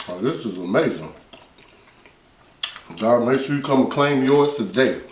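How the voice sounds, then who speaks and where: A man's voice: medium pitch, a little slow, long pauses, echoey room, distant mic, slight background noise. A man hosting a casual cooking vlog in his home kitchen, chatty, talking while he tastes his food. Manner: chatty, talks with mouth full while tasting. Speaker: cooking channel host.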